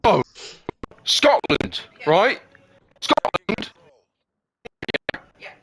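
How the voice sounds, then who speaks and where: A man's voice: sits high, very animated, very slow, fairly bright tone, slight background noise. A man arguing heatedly in casual chat, swearing often and tripping over his words. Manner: heated, swears freely, stumbles and repeats himself.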